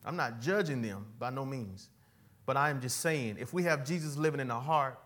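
A pastor preaching a sermon in church, swinging from loud cries to quiet, folksy asides aimed at the congregation. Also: male voice, medium pitch, normal speed. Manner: folksy, talks straight to the congregation.

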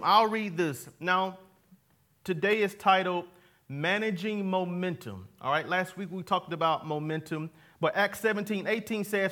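Man, high voice, preacher, sermon, call-and-response, jokey asides, church congregation. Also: moderate pace, sharp tone. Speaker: pastor. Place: church before a live congregation.

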